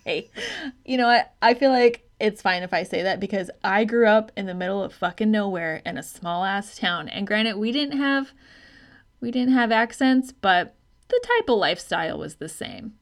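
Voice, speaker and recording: A woman's voice: mid-range voice, normal speed. A woman co-hosting a podcast, talking frankly and casually about a movie and swearing freely. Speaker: podcast co-host. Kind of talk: casual movie-review chat.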